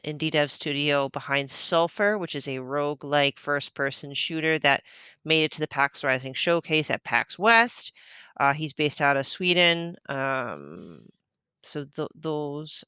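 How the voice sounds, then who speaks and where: A woman co-hosts a podcast in easygoing chat, her voice bright and crisp. She stays upbeat and talkative and leans on fillers as she goes. The sound is close and dry. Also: low-pitched, no echo. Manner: chatty and upbeat, with frequent fillers. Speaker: podcast co-host and interviewer. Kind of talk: casual chat.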